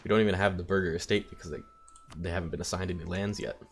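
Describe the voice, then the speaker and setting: A man's voice: deep voice, fairly even intonation, racing, vocal fry, slight background noise. A man casually commenting while playing a strategy game, thinking aloud with wry asides. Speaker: let's play host.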